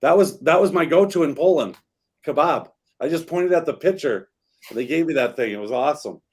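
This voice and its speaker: A man who is a realtor and radio co-host, chatting casually in a studio and working through long, halting explanations. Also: on the high side, animated, slightly rough.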